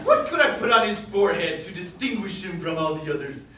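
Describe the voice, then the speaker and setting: A man acting out an excitable Victorian author who pitches one odd story after another, his voice very high and swooping. He rambles, keeps repeating "yes, yes" and bursts into theatrical shouts, heard from a distance in an echoey theater with audience laughter. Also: brisk, very noisy. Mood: eager. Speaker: sketch comedy actor. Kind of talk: live stage sketch comedy. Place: theater stage with live audience.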